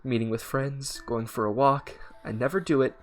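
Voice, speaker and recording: A man's voice: mid-range voice, fairly even intonation, normal speed, natural voice. A man voicing an anxious young woman in the grip of a panic attack, speaking in a strained, fearful way.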